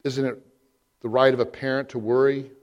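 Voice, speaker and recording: A man preaching a sermon as pastor, posing emphatic rhetorical questions with frequent pauses. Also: medium pitch, level tone, darkish tone. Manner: slow, deliberate delivery with frequent pauses.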